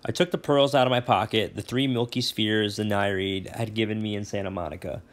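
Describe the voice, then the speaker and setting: A male teacher reading a novel chapter aloud, relaxed, with brief asides and self-corrections. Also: lowish voice, brisk.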